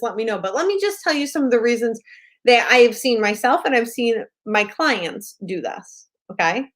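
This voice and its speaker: A woman with a fairly high voice gives a casual talk as a business coach. She is blunt and profane, pressing her points again and again with emphatic repetition.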